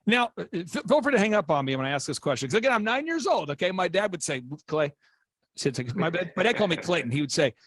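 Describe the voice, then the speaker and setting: A man's voice: sits high, fast talker, few pauses, slightly rough, no echo. A man hosting an interview, eagerly telling childhood stories and acting out his dad's voice. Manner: animated storyteller, acts out his dad's voice. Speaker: podcast host. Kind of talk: excited interview chat.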